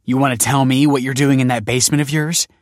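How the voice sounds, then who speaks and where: A man's voice: mid-range voice, steady tone, fast talker, dry recording, clean studio sound, pitched above the performer's own voice, lightly acted. A man voicing a tense, secretive mother who snaps curt retorts. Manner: snappy, clipped retorts.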